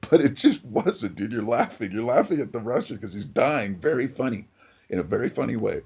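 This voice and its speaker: A man's voice: medium pitch, lively intonation, brisk, vocal fry, darkish tone, husky. A man reviewing a film in a blunt, profane casual rant, full of restarts. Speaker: movie reviewer.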